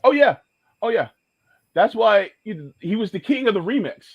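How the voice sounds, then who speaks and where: A man co-hosting a casual podcast chat, animated and quick to hum riffs from songs. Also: high-pitched, breathy edge, highs cut off. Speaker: podcast co-host.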